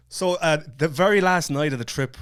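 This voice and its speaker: A man co-hosting a podcast, telling stories in casual chat with swearing. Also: fairly high pitch. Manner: animated, swearing storyteller. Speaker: podcast co-host.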